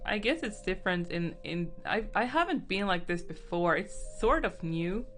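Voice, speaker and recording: A woman's voice: on the low side, expressive, normal speed, soft background music. A woman chatting casually on a live art stream, teary and emotional, laughing often.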